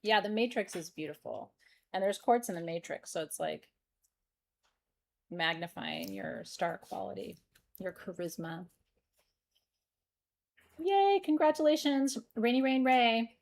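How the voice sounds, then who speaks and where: A woman's voice: lowish voice, a little slow, vocal fry, pauses often. A middle-aged woman hosting a live stream sale, joking and laughing as she shows off stones. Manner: playful, giggly, jokey. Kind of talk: live-stream sales chat.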